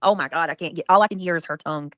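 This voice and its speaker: A woman's voice: fairly low pitch, rapid-fire, no echo. A woman hosting a casual commentary chat, talking bluntly with lots of slang and swearing. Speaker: host.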